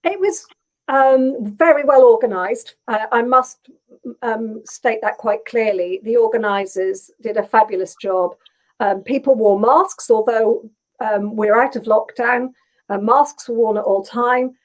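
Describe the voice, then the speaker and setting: A woman from Norfolk with a Norfolk English accent, a textile artist chatting thoughtfully with many pauses on a video call. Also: on the high side, low-quality recording. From England, Norfolk. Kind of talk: casual video call interview.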